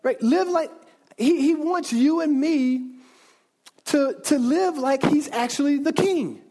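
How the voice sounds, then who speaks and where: A man's voice: very high voice, takes it slowly, warm tone. A man preaching a sermon as a pastor, talking conversationally with frequent restarts and asides to the congregation.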